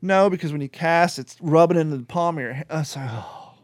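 A man hosting a casual chat, animated and swearing, acting out voices in his stories. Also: a little high, brisk, no room sound. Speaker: podcast host.

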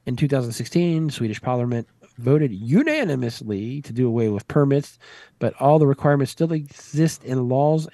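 Wry male radio host, lively voice, dry studio mic. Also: medium pitch, dry recording. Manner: wry, irreverent, swears freely. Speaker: radio show host reading news. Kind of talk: casual news read with banter.

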